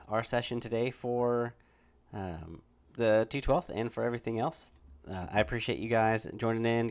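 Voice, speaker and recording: A man's voice: on the low side, smooth. A man hosting a casual livestream chat, easygoing and rambling. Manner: easygoing, rambling with many fillers and restarts. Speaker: host.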